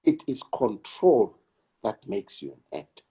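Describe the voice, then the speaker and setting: Guest spot: slow-speaking husky South African actor-director, deliberate and emphatic. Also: male voice, on the low side, sing-song, dark tone. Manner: slow, emphatic, repeats words for weight. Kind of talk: reflective conversation.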